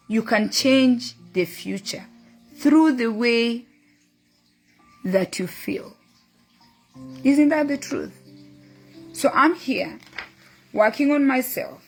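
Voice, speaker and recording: A middle-aged woman hosting a motivational talk, earnestly telling a story and quoting her son and a book. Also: on the high side. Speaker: host.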